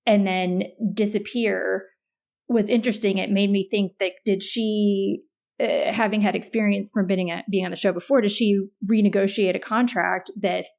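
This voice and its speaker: A woman co-hosts a podcast, thinking out loud in relaxed conversation. Her middle-pitched voice carries a strong gravelly fry. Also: moderate pace. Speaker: podcast co-host. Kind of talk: casual chat.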